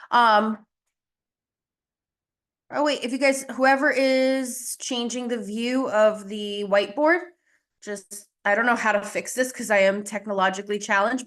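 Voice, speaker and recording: This is a young adult woman coaching a group call, giving a relaxed live lesson over video. Her mid-range voice has a fairly bright tone. She chats freely, jokes at her own expense, and seems a little winded.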